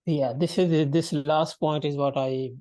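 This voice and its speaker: A man student in a class discussion, speaking haltingly with many restarts and fillers. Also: a little high, steady tone, mellow, no room sound, low-quality recording.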